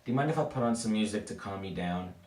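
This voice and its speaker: A man's voice: lively intonation, fast talker, a little mellow, close to an everyday voice. A man voicing a nervous, asthmatic young woman who panics easily, in a spoken spooky story. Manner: frantic, high-pitched pleading. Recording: echoey room, mic at a distance.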